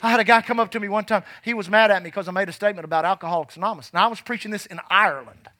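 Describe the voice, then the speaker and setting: Male preacher, high pitch, sharp bright tone, fervent, shouting at peaks, dry sound. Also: rapid-fire, no echo. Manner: drops low and quiet when telling his past. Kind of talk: sermon. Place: church.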